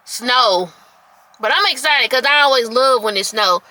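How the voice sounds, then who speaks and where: A woman, chatting excitedly to viewers while filming a casual vlog outdoors and in a store. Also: fairly high pitch, normal speed, poor audio. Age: late 30s. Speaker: vlogger. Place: outdoors, then inside a discount store. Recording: music playing behind her.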